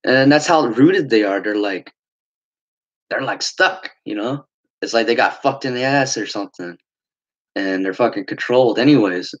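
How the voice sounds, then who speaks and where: A young man rambles through a personal story, swearing freely and looping back with "anyways" and "like". His mid-pitched voice comes through a dull, lo-fi recording. He talks loosely and casually. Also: expressive, normal speed. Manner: rambling, swearing, frequent fillers.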